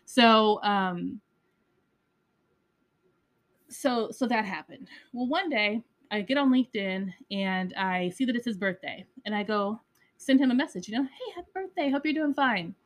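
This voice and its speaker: A woman's voice: medium pitch, a little slow. A woman hosting a podcast, telling a personal story in a candid, casual way, with frequent swearing and lots of "like" and "you know". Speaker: podcast host.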